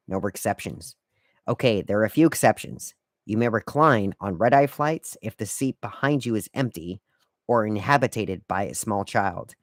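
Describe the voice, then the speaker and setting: A man with a fairly low voice hosts a casual solo podcast, recorded close and dry with no room sound. He lays out rules in a wry, lightly lecturing way. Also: dry recording. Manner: wry, lecturing etiquette tips. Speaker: podcast host.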